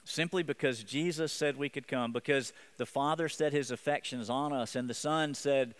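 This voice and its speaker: A man's voice: medium pitch, normal speed, clear, resonant tone. A man preaching a sermon as pastor, earnest, often repeating and restarting his phrases.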